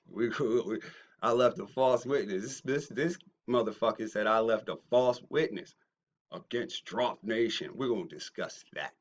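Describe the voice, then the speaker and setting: A man ranting at critics in a response video, mocking and swinging from low muttering to loud shouting. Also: measured pace, lo-fi sound. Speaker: YouTuber. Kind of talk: confrontational response video rant.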